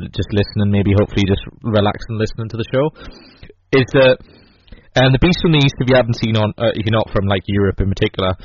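A man's voice: fairly low pitch, no echo. A man hosting a casual podcast chat, rambling with many fillers and restarts. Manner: rambling, lots of fillers and restarts, acts out quotes. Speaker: podcast host. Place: indoor room in northeast England. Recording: dull lo-fi podcast audio.

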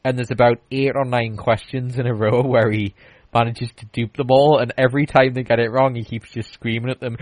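A man's voice: mid-range voice, fairly even intonation, a little fast, a little mellow, no room sound, rough recording. A man hosting a podcast, chatting casually and rambling through stories with lots of restarts and fillers. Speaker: podcast host. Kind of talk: casual chat.

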